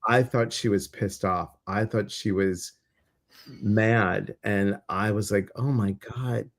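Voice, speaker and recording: A man's voice: lowish voice, slow. Chatty man co-hosting a livestream. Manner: animated storytelling, acts out his own reactions. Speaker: co-host of a weekly intuitive live show. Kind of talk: casual livestream chat.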